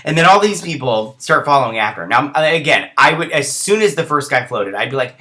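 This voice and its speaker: A man talks through a TV episode in a loose, rambling recap. He briefly acts out the characters in quick voices as he goes. His voice is bright and forward, with a medium pitch. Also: animated. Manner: chatty with lots of fillers like "he's like". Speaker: show host reviewing a TV episode. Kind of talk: casual spoken episode recap.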